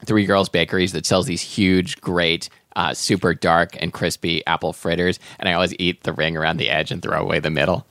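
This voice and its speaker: A man co-hosting a casual food chat, talking in a halting, wry way. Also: deep voice, level tone, a bit bright, dry recording, clean studio sound. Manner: halting, with restarts and fillers, wry. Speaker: co-host.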